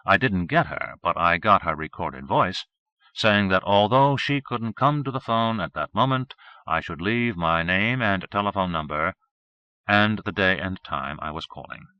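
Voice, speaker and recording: A man narrating a first-person novel as an audiobook, with steady, measured reading. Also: deep voice, clear, resonant tone, dry recording. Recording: dull 1980s cassette recording.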